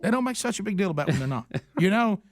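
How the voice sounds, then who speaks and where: A man's voice: high voice, big pitch swings, fast talker. A man hosting a radio talk show, telling stories in an emphatic, exasperated way with lots of restarts. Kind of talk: animated talk radio storytelling. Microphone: studio microphone.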